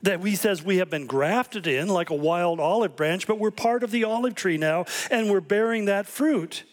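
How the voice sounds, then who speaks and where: A man's voice: high voice, normal speed. A man preaching a sermon, telling stories and acting out quoted voices with animation. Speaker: pastor.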